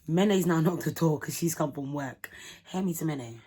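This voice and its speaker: A young woman telling a vlog storytime in animated, slangy talk, acting out the people in it. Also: deep voice, normal speed, slightly rough. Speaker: vlogger.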